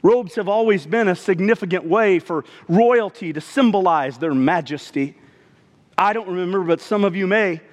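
A man preaching a sermon to a congregation, expressive, often dropping his voice low for emphasis. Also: moderate pace, long reverb tail. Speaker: pastor.

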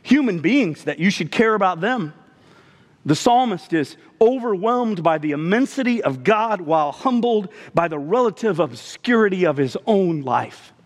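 A man preaching a sermon to a congregation, expressive, often dropping his voice low for emphasis. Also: normal speed, long reverb tail. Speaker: pastor.

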